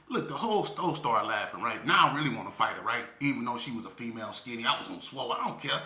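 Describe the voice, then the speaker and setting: Bright-voiced man telling street stories. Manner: animated, drops low and slow when grieving. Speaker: storyteller vlogger. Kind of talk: casual storytelling. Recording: echoey room.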